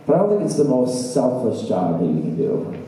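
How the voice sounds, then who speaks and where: A man doing a stand-up set at an open mic, with a halting, meandering delivery full of fillers and trailing asides. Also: mid-range voice, big pitch swings, dark tone. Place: small bar open mic stage, indoors. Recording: echoey bar from a distant camera with faint room noise.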